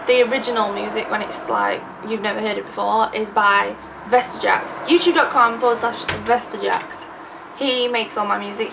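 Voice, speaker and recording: Around twenty and from England, this YouTuber runs a casual vlog Q&A, taking viewer questions in a chatty, sarcastic, self-deprecating manner. Her voice is gravelly and on the high side, captured by a distant mic with background noise.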